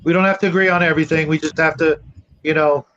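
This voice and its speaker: High-pitched man on a muffled line, warm and rambling. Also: steady tone, quick pace. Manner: warm, rambling, many "you know" fillers. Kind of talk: casual chat.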